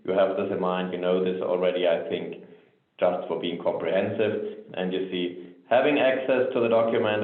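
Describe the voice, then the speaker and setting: Man presenting a webinar over a tinny line. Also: lowish voice. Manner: measured, frequent "so" and "um" fillers. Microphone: remote webinar audio. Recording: tinny phone-like line, roomy echo.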